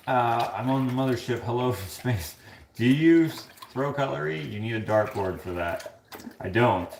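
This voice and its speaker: Washing dishes in his home kitchen, a livestream host reads chat aloud, chatting, joking, and laughing a lot with his viewers. His medium-pitched voice is animated yet a little slow and creaky, broken by long pauses. The sound is reverberant with slight hiss or hum.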